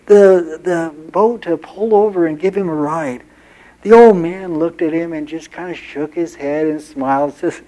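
A man preaching with a mellow, warm tone. He builds his points by repeating phrases, stacking them in earnest runs, and moves into homespun stories. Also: sits high, normal speed. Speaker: pastor. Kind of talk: sermon.

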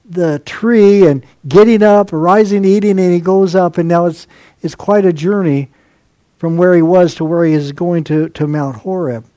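High-voiced, mellow-toned man preaching. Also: dry recording. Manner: expository preaching with dramatized quotes. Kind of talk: sermon.

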